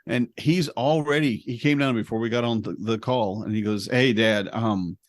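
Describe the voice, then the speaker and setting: Man, 40s, American, podcast host, animated storyteller, laughing, dry close mic. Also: medium pitch, a little fast, no echo. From United States. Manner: animated storyteller, acts out his son's lines, laughs often. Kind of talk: casual chat.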